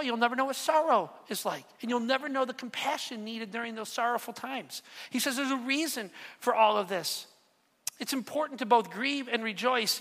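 Bright-voiced pastor preaching in a reverberant hall. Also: medium pitch. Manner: animated, rhetorical questions to the congregation, joking asides. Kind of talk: sermon. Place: church sanctuary. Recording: long reverb of a large hall.

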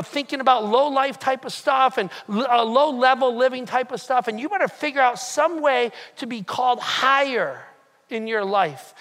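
A man's voice: very high voice, a bit bright. A man preaching a sermon as pastor, emphatic and repetitive, pushing his points again and again with rising and falling force. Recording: long hall reverb.

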